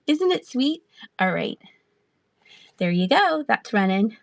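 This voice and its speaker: A woman's voice: a little high, vocal fry, no room sound. Woman selling stuff on a live stream, chatty, giggly, talks to chat, dry sound. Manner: chatty, laughs often, answers chat aloud. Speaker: online live-auction seller.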